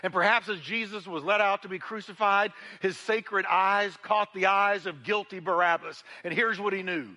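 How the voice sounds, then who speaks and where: A male pastor preaching a sermon to his congregation, swinging between loud emphasis and hushed, intimate passages, often repeating words as he builds. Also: sits high, steady tone, moderate pace, few pauses, in a large hall. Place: church sanctuary.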